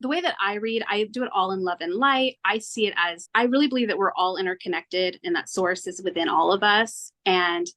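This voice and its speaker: A woman being interviewed as a tarot reader, telling her story in an earnest, animated way and acting out her own past thoughts. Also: medium pitch, fairly quick, few pauses. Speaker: tarot reader, podcast guest.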